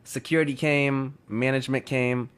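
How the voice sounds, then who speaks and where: A man's voice: mid-range voice, fairly even intonation, moderate pace, smooth. A man casually retelling a story to others in conversation, full of "you know" and "like".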